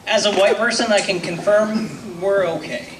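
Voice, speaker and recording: Awkward twenties comic, high voice, unhurried halting stand-up, roomy club with loud crowd laughing. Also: male voice, recorded from a distance, heavy background noise. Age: 20s. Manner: hesitant, awkward, self-deprecating delivery with many ums. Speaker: stand-up comedian and host. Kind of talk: stand-up comedy set. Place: comedy club stage. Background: audience laughing.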